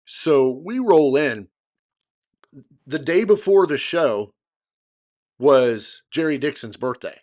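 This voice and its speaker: Middle-aged man telling a lively story. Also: fairly high pitch, slow pace, long pauses. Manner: animated, acts out others' lines while retelling a story. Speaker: podcast co-host. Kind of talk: casual storytelling chat.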